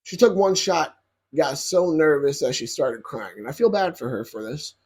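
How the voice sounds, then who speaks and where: A young man with a husky, slightly raised voice tells a range story straight to his viewers. He swears freely, gets animated and keeps asking "you feel me?". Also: a little high, moderate pace. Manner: profane, animated, addresses viewers directly. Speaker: YouTuber telling a story. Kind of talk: casual storytelling to camera.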